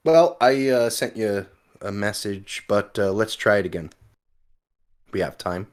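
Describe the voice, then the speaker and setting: A man's voice: on the low side, a little slow. A man co-hosting a casual podcast over a remote call, tossing in joking, sarcastic asides. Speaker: podcast co-host. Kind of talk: casual chat.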